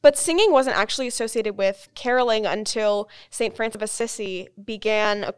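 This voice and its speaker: A woman's voice: mid-range voice, brisk, clean tone. A woman co-hosting a casual chat, who explains facts in an easy, chatty way. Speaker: podcast co-host.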